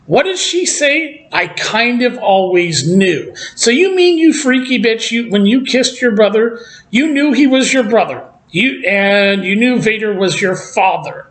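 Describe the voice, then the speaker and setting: A speaker in the middle of a casual rant about films, swearing freely and sounding fed up. The tone is sarcastic throughout, and characters get mocked with quick put-on quotes. The pitch sits in a middle range. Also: a bit bright, poor audio. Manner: profane, exasperated and sarcastic. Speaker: film commentator.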